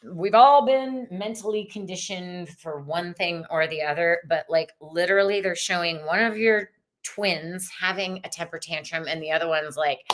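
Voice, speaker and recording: A woman hosting a livestreamed tarot reading, chatty and expressive, greeting viewers in the chat as she pulls cards. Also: fairly low pitch. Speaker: tarot reader.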